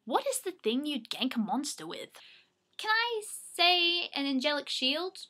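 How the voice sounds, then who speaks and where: A woman's voice: high-pitched, very animated, a little slow, sharp tone. A young Australian woman casually answering fan questions at home into her webcam mic, chatty and self-mocking. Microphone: webcam microphone.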